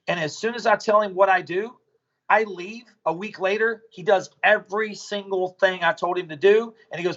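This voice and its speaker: A man's voice: sits high, moderate pace, a bit bright, highs cut off. A man, a business owner, talking bluntly and profanely as a podcast guest, telling stories casually.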